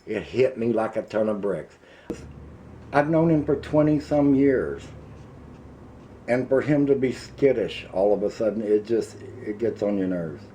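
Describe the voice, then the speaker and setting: A middle-aged man with an Ozarks accent and a somewhat low voice vents straight to camera. His delivery is heated and emphatic, and he drags out key words to press them home. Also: animated, dark tone, slight background noise. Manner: heated, emphatic, slows down to hammer points. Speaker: vlogger. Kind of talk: angry political rant to camera.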